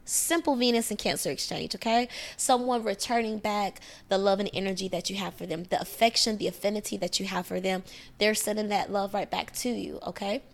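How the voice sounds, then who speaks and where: A woman hosting a podcast, giving casual astrology advice in a lively way, often checking in with "right?" and "okay?". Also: medium pitch, brisk, vocal fry. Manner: animated, acts out quoted voices, frequent "right?" and "okay?". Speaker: podcast host.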